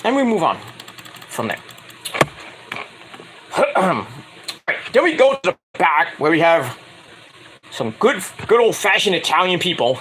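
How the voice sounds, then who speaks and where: A man's voice: sits high, big pitch swings, unhurried, long pauses, background noise. A young man giving a crude, jokey, casual recap of a wrestling show, with loose play-by-play full of fillers.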